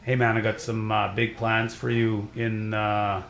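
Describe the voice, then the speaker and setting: A young stand-up comedian from Saskatchewan, Canada, tells rambling stories in a casual podcast chat, slipping into quick voices. His fairly low, level voice is creaky and a bit bright, heard in an echoey room with a little hiss or hum.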